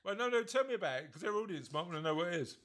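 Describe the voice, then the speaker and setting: A man's voice: high voice, animated, racing, a bit bright. A man, co-hosting a podcast in casual, jokey, teasing chat. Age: 40s. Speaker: podcast co-host.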